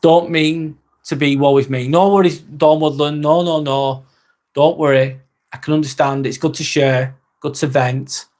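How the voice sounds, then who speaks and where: A man's voice: a little high, steady tone, unhurried, darkish tone. A man in his forties hosting a casual livestream, chatting loosely, swearing now and then and reading viewer comments aloud. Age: 40s. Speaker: livestream host.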